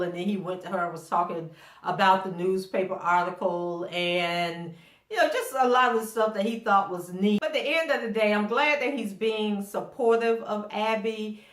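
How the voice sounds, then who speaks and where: A woman's voice: medium pitch, roomy sound. A middle-aged woman hosting a casual TV episode recap. She is chatty, laughs often, and acts out quotes from the characters. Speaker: TV recap host.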